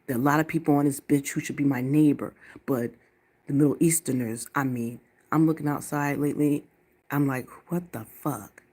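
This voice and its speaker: A woman from the United States delivering a blunt, profane ranting monologue to camera as a vlogger, slowing down to hammer her points. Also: sits low, fairly even intonation, warm tone.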